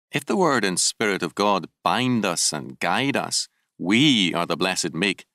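Deep-voiced man reading theology aloud. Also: sharp tone, no echo, clean studio sound. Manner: measured, deliberate reading with emphatic lifts on key words. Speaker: audiobook narrator. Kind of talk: scripted audiobook narration of a theological text.

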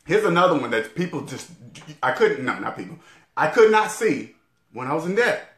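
A man in his forties talks straight to his viewers on a finance vlog, his pitch swinging up and down as he drives each point home. He repeats himself for emphasis, throws in the odd curse, and keeps asking whether they follow. The sound is roomy, with a clear echo around him. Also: big pitch swings, moderate pace, fairly bright tone. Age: 40s. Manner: emphatic, repetitive, profane, asks "all right?" often. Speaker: debt-free finance vlogger. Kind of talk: casual talking-head rant.

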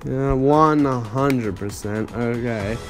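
Brief: young male gamer, slow-talking and incredulous, with light game music. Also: medium pitch. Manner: sarcastic, incredulous reactions. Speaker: gaming YouTuber. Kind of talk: let's play commentary.

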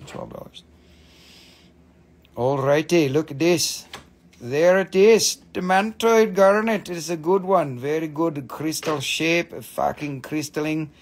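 A man hosting a live-stream mineral sale, gushing excitedly over each stone, swearing freely and calling out prices. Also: on the high side, gravelly, slight background noise. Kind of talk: live-stream sales chat.

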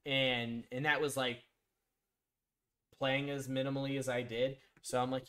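A man's voice: mid-range voice, flat delivery, unhurried, sharp tone, smooth. A man chatting casually on a live stream, rambling through sports picks, answering viewers by name and giving blunt, slightly profane opinions. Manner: rambling, talks to chat viewers, frequent ums and restarts.

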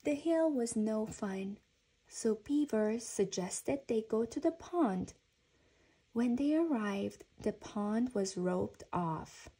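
A woman reading a children's storybook aloud in a gentle, even storytelling manner. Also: fairly high pitch, slow pace, breathy edge, rough recording. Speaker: reader.

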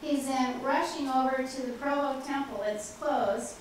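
An older woman professor gives a chatty faculty talk in a large lecture hall with an audience, telling anecdotes, laughing at herself, and leaning on "okay" and "uh" fillers. Her voice is high and a little slow. The hall sounds very echoey and distant, with faint hiss.

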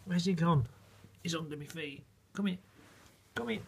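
Male vlogger, raised voice, gravelly, dotes on his pets. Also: on the high side, moderate pace, very noisy. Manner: doting baby talk to pets, chuckling often. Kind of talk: casual vlog talking to his puppies. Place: at home indoors.

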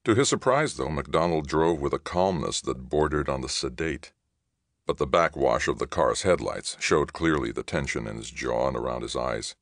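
A man reading a novel aloud as a steady audiobook narrator. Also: extremely low pitch, normal speed, dry recording, clean studio sound. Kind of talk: scripted narration.

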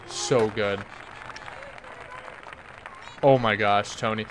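A man giving excited game commentary as a gaming YouTuber, hyped and cheering players on by name. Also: medium pitch, normal speed, music in the background, a crowd in the background.

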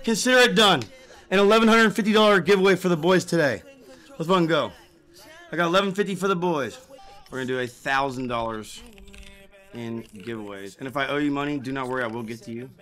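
A man's voice: a little high, fast talker, a bit bright. A man talking live to his stream viewers, swearing often and repeating his exclamations.

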